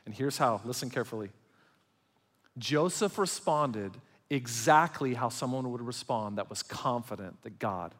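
Dynamic preaching man, reverberant hall. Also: medium pitch. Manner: dynamic preaching, swings from loud emphatic to quiet and intimate. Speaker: pastor. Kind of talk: sermon.

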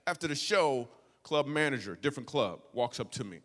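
A young man telling a stand-up comedy story, animated and playful, swinging from hushed asides to loud outbursts. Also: medium pitch, fairly quick. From Michigan. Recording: long hall reverb.

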